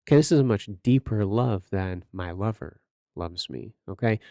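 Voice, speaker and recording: A man's voice: lowish voice, animated, normal speed, creaky, mellow, no room sound. A man hosting a podcast, giving earnest, sermon-like Bible teaching with rhetorical questions and direct exhortation. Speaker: podcast host teaching scripture.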